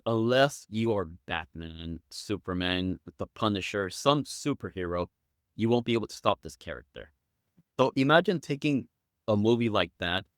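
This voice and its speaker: A man's voice: fairly low pitch, dry recording, studio quality. A man guesting on a podcast, chatting casually and acting out quotes with enthusiasm. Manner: enthusiastic storyteller, acts out quotes.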